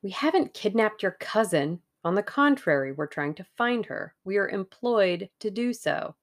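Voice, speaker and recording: A woman reading aloud and voicing a cheerful, steady young man who speaks in a brisk, plain way with a gravelly edge. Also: mid-range voice, natural voice.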